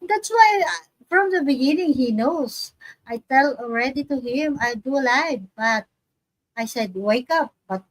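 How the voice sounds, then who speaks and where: A Filipino vlogger hosts a casual live stream, speaking slowly in a high-pitched voice with lively intonation. She's chatty, reads viewer comments aloud, and laughs often. The recording quality is low.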